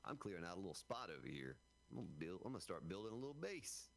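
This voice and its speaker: A man's voice: low-pitched, very animated, very fast, vocal fry. Folksy joking man streaming a game. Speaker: streamer playing a survival game. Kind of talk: casual live-stream chat.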